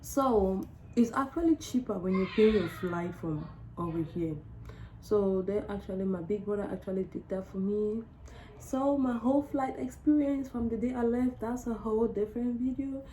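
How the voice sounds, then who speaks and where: Young woman from Cameroon, chatty storytime vlogger, mellow timbre, light background noise. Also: mid-range voice, moderate pace, poor audio. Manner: chatty, emotional, frequent "like". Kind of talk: casual storytime vlog.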